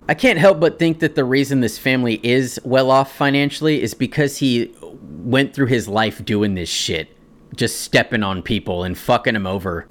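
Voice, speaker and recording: Indignant podcast host ranting casually. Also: male voice, on the high side. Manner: indignant, swearing, mocking voices in quotes. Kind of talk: casual podcast chat reading forum posts.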